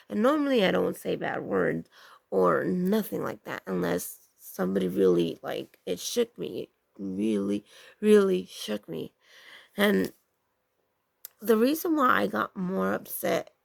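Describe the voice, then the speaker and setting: Very gravelly woman telling a story. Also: medium pitch. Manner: rambling, with many restarts and acted-out quotes. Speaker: vlogger. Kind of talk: casual storytelling to camera.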